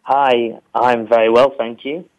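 A man speaking as a guest on a radio panel, measured and polite, pausing with fillers. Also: medium pitch, flat delivery, rough recording. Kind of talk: casual radio chat.

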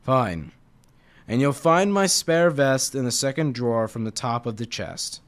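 A man reading aloud, voicing a proud, touchy old male tiger guardian in a gruff, indignant way. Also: mid-range voice, animated, a little slow. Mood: grumpy.

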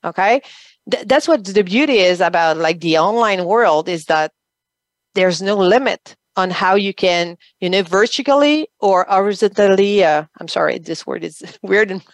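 A woman with a French accent guests on a business radio show. She speaks haltingly, restarting and searching for words in English. Her voice is mid-pitched and the recording is dry and close. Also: lively intonation, no room sound. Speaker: guest, online business coach. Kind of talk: radio interview.

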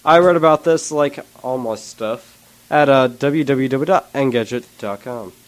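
Sick-voiced male co-host, middle pitch, casual banter over gadget news. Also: measured pace, a little hiss or hum. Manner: reads gadget news with joking asides. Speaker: co-host of a tech show.

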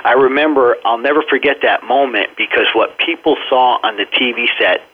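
A man's voice: mid-range voice, normal speed, husky. A man giving an earnest first-hand account as a guest in a radio interview, often restarting his phrases. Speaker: interview guest recounting events. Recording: tinny phone line.

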